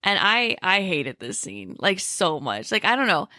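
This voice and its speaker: A young woman with a bright, forceful voice chats casually as a podcast co-host, her talk animated and full of fillers. The sound is close and dry, with no room around it. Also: lowish voice, unhurried, no room sound. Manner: animated, many fillers, quotes characters in put-on voices. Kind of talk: casual chat.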